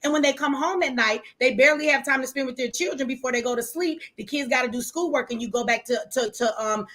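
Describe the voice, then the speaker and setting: A woman guest on a call-in talk show, explaining her view quickly and at length in a lecturing way. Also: high voice, a bit bright.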